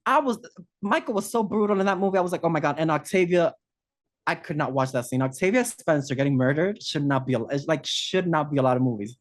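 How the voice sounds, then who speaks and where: A man's voice: a little high, expressive, fast. A man co-hosting a casual group chat, campy and sassy, calling everyone honey. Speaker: podcast co-host.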